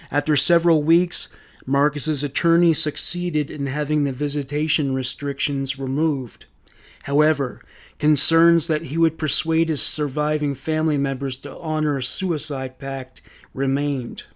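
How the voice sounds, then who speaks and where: A man narrating a true crime story in a measured, somber scripted reading. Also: fairly high pitch, level tone.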